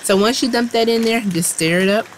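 A woman's voice: fairly high pitch, brisk, a little hiss or hum. A woman hosting a home cooking video, chatty and encouraging as she talks viewers through each step in her kitchen. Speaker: cooking channel host. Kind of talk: casual cooking demonstration. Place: home kitchen, food frying in pan.

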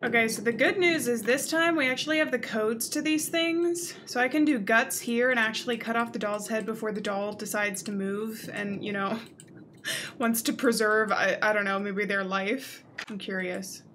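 A woman's voice: a little high, steady tone, moderate pace, fairly bright tone, a little hiss or hum. A young woman giving casual let's play commentary, chatty and playful, talking to her viewers and easily startled. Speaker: gaming youtuber.

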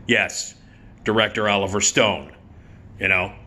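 Man in his fifties, rambling vlog storyteller, forceful bright voice, swears freely. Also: lowish voice, steady tone, unhurried. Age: 50s. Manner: rambling, profane, lots of filler words. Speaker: YouTube host.

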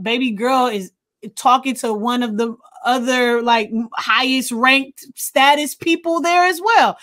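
A woman co-hosting a casual movie review podcast, excitable, laughing often and swearing casually. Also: high-pitched. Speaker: podcast co-host.

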